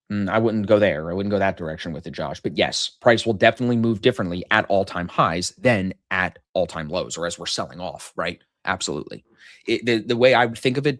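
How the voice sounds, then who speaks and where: Brash joking man, low voice. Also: a bit bright, no echo, clean studio sound. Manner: brash, joking, swears freely. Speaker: trading stream host. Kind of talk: casual live-stream chat.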